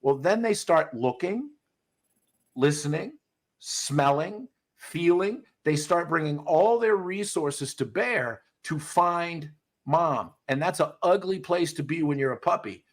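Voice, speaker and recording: A man's voice: fairly high pitch, animated, takes it slowly. A man who trains dogs, coaching a student in a casual chat, blunt and swearing freely. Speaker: dog trainer.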